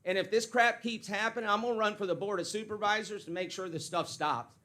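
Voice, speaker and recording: A man's voice: sits high, brisk, pushed and bright. A man giving a heated, blunt public comment at a county meeting. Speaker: citizen speaking at public comment. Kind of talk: angry public comment speech.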